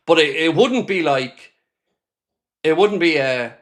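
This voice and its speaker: Ranting Irish man, fairly high voice. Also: expressive, takes it slowly. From Ireland. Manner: angry, ranting, swearing; reads viewer chat comments aloud. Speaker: fan channel host. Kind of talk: live match reaction stream.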